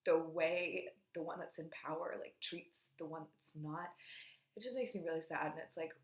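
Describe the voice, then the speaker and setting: A young woman casually chatting through her monthly book wrap-up, rambling with fillers and drifting into quiet asides. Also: deep voice, fairly even intonation, moderate pace. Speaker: book vlogger. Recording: echoey room.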